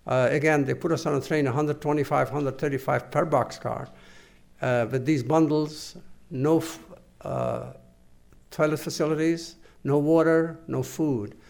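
An older man giving oral history testimony to an interviewer, halting and earnest, with many pauses and restarts. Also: on the high side, steady tone, vocal fry, a little mellow. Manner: measured, earnest recounting.

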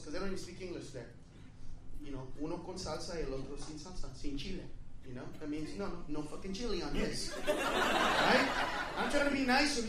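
A man performing a stand-up comedy routine, loudly and profanely telling stories and acting out characters on a comedy club stage. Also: sits high, expressive, brisk, heavy background noise. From Los Angeles area. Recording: echoey club room, mic far. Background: loud audience laughter.

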